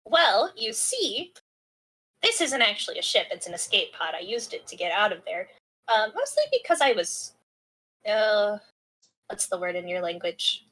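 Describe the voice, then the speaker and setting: A woman's voice: medium pitch, big pitch swings, normal speed, fairly bright tone. A woman voicing a cheerful, toothy alien refugee in improvised tabletop role-play, breezy and fumbling for words.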